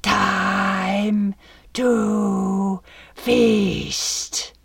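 Slow, measured woman narrating a storybook. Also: lowish voice, clean tone, no echo. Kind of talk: audiobook narration.

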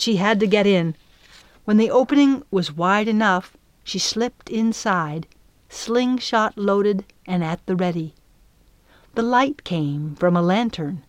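A woman narrating an adventure storybook in a measured, expressive reading voice. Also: medium pitch, no echo. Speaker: audiobook narrator.

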